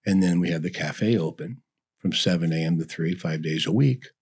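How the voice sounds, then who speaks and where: A middle-aged man who runs a barbecue business is a guest in a casual interview, spinning rambling, folksy stories peppered with "you know." His voice is low and darkish with a breathy edge, and he talks at a normal speed.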